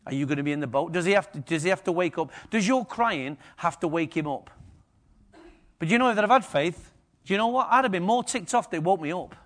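A man preaching a lively sermon to a congregation, acting out the story's characters. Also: sits high, brisk.

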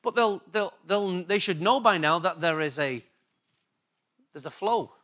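A man's voice: sits high, animated, a little slow, fairly bright tone. A man with an English accent preaching a sermon, repeating key words for emphasis and asking the congregation questions. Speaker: pastor.

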